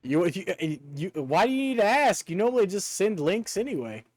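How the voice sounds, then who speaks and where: A man streaming live in casual chat, excitable, swearing often and breaking into laughter. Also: high-pitched, moderate pace, no echo.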